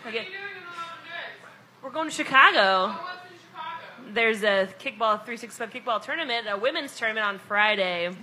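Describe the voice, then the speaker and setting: Bright-voiced chatty woman in her thirties. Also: a little high, expressive, normal speed, pauses often. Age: 30s. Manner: chatty, tipsy and giggly. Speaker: podcast co-host and event organizer. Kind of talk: casual chat.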